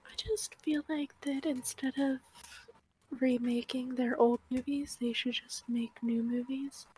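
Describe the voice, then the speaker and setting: A woman's voice: high-pitched, steady tone, unhurried, warm tone, a little hiss or hum, poor audio. A woman co-hosting a casual book-club podcast over an online voice call, chatty and full of "like". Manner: chatty, uses "like" often. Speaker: podcast co-host.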